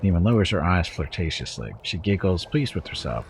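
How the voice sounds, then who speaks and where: A man streaming a game, reading its narration aloud at a steady pace with offhand asides. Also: sits low, fairly quick, few pauses, faint music behind.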